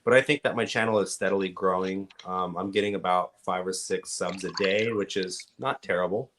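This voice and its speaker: A man with a Californian accent, a podcast guest calmly explaining things at length in casual conversation. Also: sits low, brisk, slight background noise. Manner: relaxed, explanatory, giving advice at length. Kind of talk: casual interview chat.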